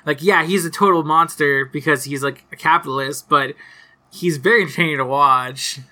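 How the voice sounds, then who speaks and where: A man's voice: on the high side, normal speed, sharp tone. A man co-hosting a podcast in casual chat, rambling with lots of fillers and casual swearing. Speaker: podcast co-host. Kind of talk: casual chat recapping a cartoon episode.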